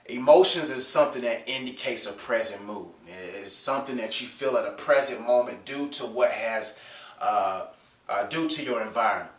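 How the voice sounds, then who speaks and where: A congested man gives earnest, preachy advice about faith and emotions, pausing on fillers as he goes. He stands off the mic, and the room around him rings with echo. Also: medium pitch, far from the mic. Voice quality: nasal. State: stuffed up from a cold. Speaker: Christian video host. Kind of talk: casual faith advice talk.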